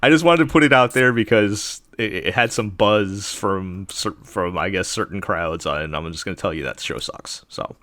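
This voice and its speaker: A man with a lowish voice, recorded close and dry, hosts a casual podcast conversation. He rambles through his reviews, restarting sentences and leaning on fillers. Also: normal speed, hardly any pauses, a bit bright, no echo. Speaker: podcast host. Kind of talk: casual chat reviewing anime.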